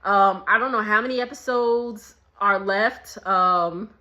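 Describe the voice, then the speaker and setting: Bright-voiced chatty young woman. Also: mid-range voice, measured pace. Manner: chatty, animated, often mimics the cast. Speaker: reality TV recap host. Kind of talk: casual recap monologue.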